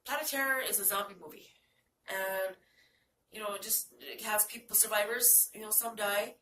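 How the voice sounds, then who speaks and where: Woman, young adult, from New Mexico, casual vlog, excitable, profane, bright, echoey room, faint noise. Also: medium pitch, moderate pace. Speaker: vlogger. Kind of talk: casual movie-list chat. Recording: roomy, from a distance.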